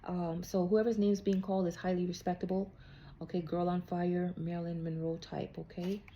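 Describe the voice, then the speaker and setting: A woman's voice: on the low side, flat delivery, moderate pace, dull audio, noisy background. A woman giving a casual spiritual card reading, chatty and checking in with "okay?" after nearly every thought. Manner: chatty, repeats "okay?" often. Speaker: psychic card reader.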